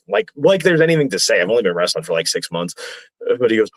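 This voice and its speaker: A man in his thirties rambles through wrestling stories on a podcast, chuckling between lines. His voice sits at an ordinary pitch, close and dry on the mic with no room sound. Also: animated, racing, no echo. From New Jersey. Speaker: wrestler guest. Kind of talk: casual podcast storytelling.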